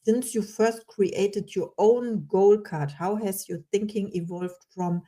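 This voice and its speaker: A woman's voice: medium pitch, fairly even intonation, slow pace, hardly any pauses. A woman hosting an interview, laughing often as she talks and asks her questions. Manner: warm, laughs often while talking. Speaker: host.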